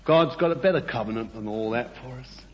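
A man's voice: mid-range voice, a little fast, darkish tone, slight background noise. A man delivering a sermon, emphatic and repetitive, questioning his congregation. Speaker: preacher. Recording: dull lo-fi echoey hall.

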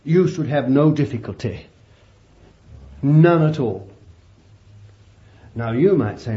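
A man preaching a sermon, animated and laughing often as he calls his listeners beloved. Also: mid-range voice, slow pace, long pauses, highs cut off, a little hiss or hum.

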